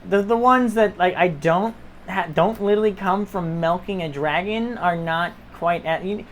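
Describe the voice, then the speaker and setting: A game master voicing a pushy male spice merchant with a wheedling sales pitch. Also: moderate pace, a little hiss or hum, close to an everyday voice. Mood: pleading.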